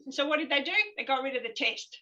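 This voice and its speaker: Bright high-voiced woman telling stories. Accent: Australian. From Australia. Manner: lively, quick storytelling with laughs. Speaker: guest speaker, former naval officer. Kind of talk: casual event conversation. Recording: dull lo-fi sound.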